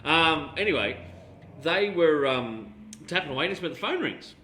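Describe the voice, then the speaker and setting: A man's voice: fairly high pitch, expressive, normal speed, sharp tone, echoey room, slight background noise. An Australian man co-hosting a casual chat show, rambling through anecdotes and swearing freely. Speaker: podcast co-host.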